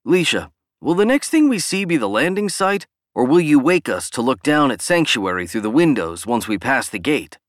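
Eager explorer, raised and lively voice, read by a man narrating. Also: medium pitch, normal speed, few pauses, no room sound, clean studio sound, pitched above the performer's own voice, natural voice. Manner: eager, questioning. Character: curious, eager male explorer.

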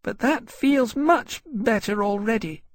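A chirpy little shy dragon. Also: male voice, slow pace, no echo, studio quality. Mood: shy sad. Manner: high chirping voice. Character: small shy sad young male dragon. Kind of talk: audiobook narration.

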